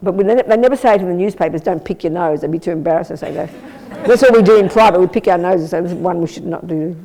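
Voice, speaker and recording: A woman teaching as a Buddhist nun, giving a blunt, lively, conversational dharma talk and answering questions from her listeners. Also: lowish voice, quick pace, a faint crowd. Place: Buddhist centre teaching room.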